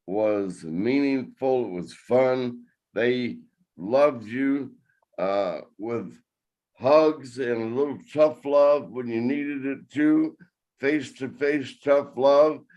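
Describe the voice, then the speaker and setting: A man hosting a podcast, asking his guest questions in a deliberate, admiring way. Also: mid-range voice, darkish tone. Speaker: podcast host. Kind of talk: interview.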